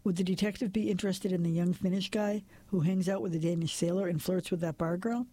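Man voicing a gruff barroom informant. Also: sits high, fairly even intonation, fast talker, warm tone, dry recording. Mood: matter-of-fact. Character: mustached middle-aged male barroom informant.

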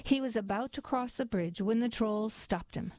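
Woman reading a storybook totally deadpan, highish voice, dry close sound. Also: normal speed, dry recording. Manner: deadpan, mock-formal wording. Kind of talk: scripted storybook narration.

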